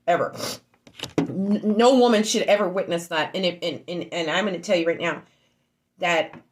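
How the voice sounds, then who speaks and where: Woman, emotional casual storytelling, lowish voice, shaken, repetitive, loud outbursts and low murmurs. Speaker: streamer talking to her online group.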